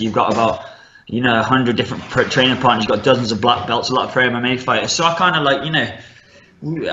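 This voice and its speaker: Man with a soft Midlands accent. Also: medium pitch, a little hiss or hum. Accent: Midlands English. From English Midlands. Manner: laid-back, many fillers and restarts. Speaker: MMA fighter, guest. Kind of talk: casual podcast interview. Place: rural home in northern Scotland. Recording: echoey room, dull lo-fi sound.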